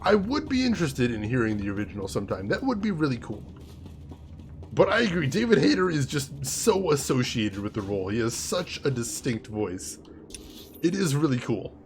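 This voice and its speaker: A man giving chatty, animated commentary while playing a video game, laughing often. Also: medium pitch, normal speed. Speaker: gaming streamer. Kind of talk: casual let's-play commentary.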